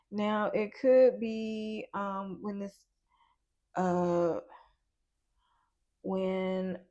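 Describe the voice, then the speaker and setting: A woman talks through a tarot spread at a slow, easy pace. She chews gum as she goes. She muses aloud, laughs often and lets her thoughts trail off. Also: mid-range voice, a little mellow. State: chewing gum. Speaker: tarot reader. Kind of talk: casual tarot reading.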